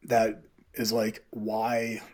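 Husky-voiced coach telling stories. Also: male voice, lowish voice, drawn-out words. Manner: animated, quotes people in dialogue. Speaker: high school coach, podcast guest. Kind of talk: casual interview storytelling.

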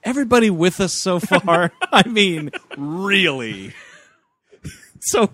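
On a dry recording, a podcast co-host recaps a movie in loose, joking, profane chat. His voice is high, sing-song, pushed and bright, and slow, and he puts on goofy voices for the characters.

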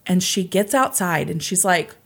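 A woman's voice: normal speed, gravelly, breathy edge. A woman telling a true crime case in casual chat, acting out quotes and swearing casually. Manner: animated, acts out quotes with raised pitch, swears casually.

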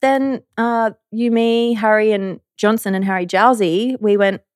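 A woman's voice: medium pitch, steady tone, a little slow, dry recording, studio quality. A young woman co-hosting a podcast, an easygoing, supportive storyteller in casual chat. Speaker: podcast co-host.

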